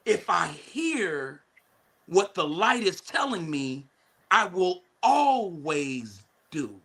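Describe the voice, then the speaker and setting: A man teaching a spiritual class in a lively preaching style, repeating words, restarting phrases and speaking straight to his listeners, sometimes rising to a shout. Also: sits high, extremely slow, breathy edge. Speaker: guest speaker, licensed therapist.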